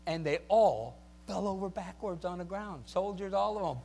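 A man preaching a sermon, moving from quiet talk to loud shouting peaks and acting out quoted voices. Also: high-pitched, moderate pace, gravelly, few pauses. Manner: acts out quoted voices and asks the crowd for replies.

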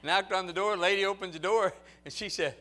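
High-voiced man preaching with fervor. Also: brisk. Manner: animated preaching that swings from quiet storytelling to loud exhortation. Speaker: pastor. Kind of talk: storytelling sermon.

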